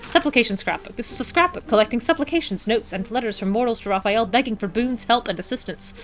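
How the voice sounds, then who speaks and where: A woman's voice: on the high side, fast, a bit bright. A woman streaming a video game, reading its text aloud with wry, chatty asides.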